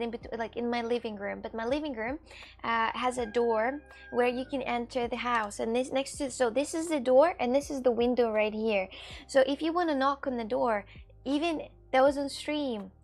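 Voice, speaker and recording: A woman livestreamer talks casually with her chat in a fairly high voice that has a gravelly, fry-laden edge. She hesitates often, restarts her sentences and swears casually, with faint music playing behind her. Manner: halting, many fillers and restarts; answers chat questions aloud.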